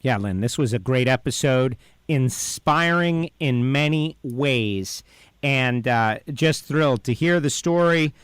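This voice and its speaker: A man's voice: mid-range voice, animated, slow pace, clean tone, no room sound. A man hosting a podcast interview, talking in an upbeat, enthusiastic way and playfully teasing his co-host.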